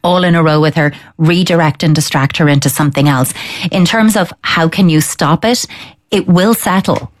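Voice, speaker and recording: This parenting expert on a radio or podcast program has a low, calm, firm voice and talks at a moderate pace while replying to letters from listeners. To make her points, she voices the imagined thoughts of children.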